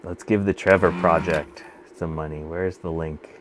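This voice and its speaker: A man's voice: sits low, steady tone, moderate pace, noisy background. A man casually chatting with his live-stream viewers while he solders a computer, often half under his breath. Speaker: streamer repairing vintage computers.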